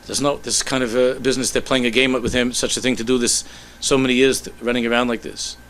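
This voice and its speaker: A man, a rabbi, telling a story in a sermon with animated delivery that sinks to soft, low tones. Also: quick pace, a little hiss or hum.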